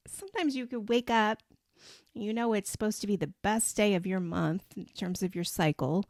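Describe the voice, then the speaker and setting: A woman's voice: medium pitch, a little mellow, no echo, clean studio sound. A middle-aged woman hosting a faith-based podcast, talking earnestly and encouragingly, often acting out an anxious inner voice. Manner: earnest, encouraging, frequent asides and acted-out inner monologue. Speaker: podcast host.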